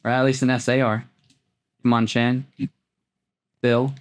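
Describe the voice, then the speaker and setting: A man hosting a card pack opening, talking casually as he flips through cards, often repeating words and jumping into excited highs. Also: measured pace, smooth. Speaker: host opening trading card packs. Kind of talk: casual unboxing commentary.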